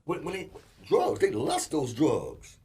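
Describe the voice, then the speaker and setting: A man co-hosting a casual relationship talk show, telling animated stories and acting out quotes. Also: a little high, takes it slowly. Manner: animated storyteller, acts out quotes. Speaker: co-host.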